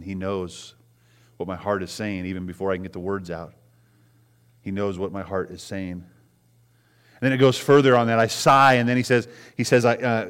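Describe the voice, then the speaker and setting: A middle-aged man preaching a sermon as pastor, talking in a conversational way with frequent restarts, rising to loud emphasis and falling to soft sighs. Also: medium pitch.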